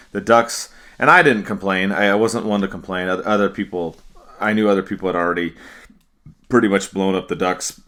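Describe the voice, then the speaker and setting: A man co-hosting a casual hockey podcast, speaking in a measured way with frequent restarts. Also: sits low, pushed and bright. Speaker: podcast co-host. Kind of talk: casual sports podcast chat.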